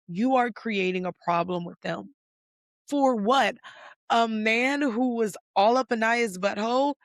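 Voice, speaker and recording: Gravelly-voiced woman ranting about reality TV. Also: medium pitch, no echo, clean studio sound. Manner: emphatic, heavy swearing, lots of "like" fillers; fired up, rising loud when indignant. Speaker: podcast host. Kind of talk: casual reality TV recap.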